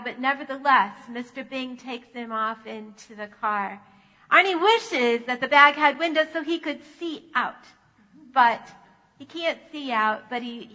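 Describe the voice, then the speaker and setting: A woman pastor telling a children's story in a church sanctuary, animated in manner. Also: a little high, long reverb tail, poor audio.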